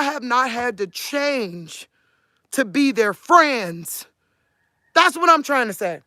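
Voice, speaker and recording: The Cleveland vlogger is a woman in her forties from Ohio, earnest and drawling in a country Midwestern style, who talks to viewers casually and keeps asking "you get what I'm saying?" Her voice is a little high and sharp in tone, slow, with lively intonation and no echo.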